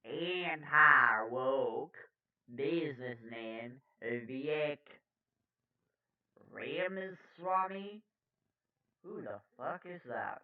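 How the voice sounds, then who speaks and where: Guy reading poll numbers slow n fake-formal, swearing and snarking between, sounds like a cheap phone mic from across the room. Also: mid-range voice, far from the mic, phone-quality sound. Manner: mock-formal reading broken by swearing and sarcasm. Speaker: political commentator. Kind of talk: reading a poll aloud with sarcastic asides.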